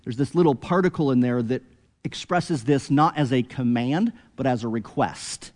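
A man preaching an expository sermon, earnest, rising to emphatic peaks and then dropping low and quiet. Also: normal speed, long reverb tail.

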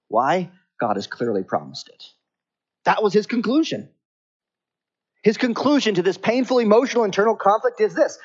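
A man preaching a sermon with slow, stressed phrases. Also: high-pitched. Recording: slightly dull lo-fi recording.

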